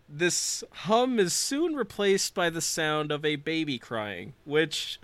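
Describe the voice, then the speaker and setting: Bright, crisp-voiced podcast host. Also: male voice, fairly high pitch, takes it slowly, few pauses, no room sound. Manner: animated, laughs often, jokey asides. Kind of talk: casual storytelling chat.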